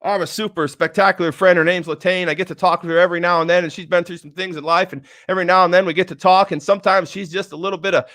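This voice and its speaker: A middle-aged man with a high voice delivers a motivational talk, excitable and emotional. He repeats phrases to drive points home and swings between quiet low emphasis and loud, eager bursts. The sound is dry and close. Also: rapid-fire, few pauses, no echo. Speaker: motivational speaker.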